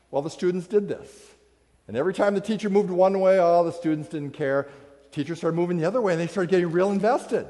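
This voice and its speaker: A man preaching a sermon, telling stories with acted-out voices and rhetorical questions. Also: high-pitched. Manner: animated storytelling, acts out voices, rhetorical questions. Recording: long hall reverb.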